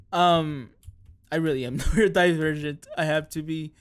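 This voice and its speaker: A man's voice: on the high side, normal speed, clean tone. A man streaming, chatting casually in a rambling way, often correcting himself and laughing mid-sentence. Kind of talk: casual chat.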